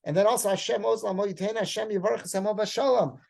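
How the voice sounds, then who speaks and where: A man's voice: high-pitched, steady tone, fast talker, gravelly, darkish tone. A man, a rabbi, giving a Torah class who reads Hebrew phrases and then explains each one in casual English. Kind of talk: Torah class, reading and translating a text.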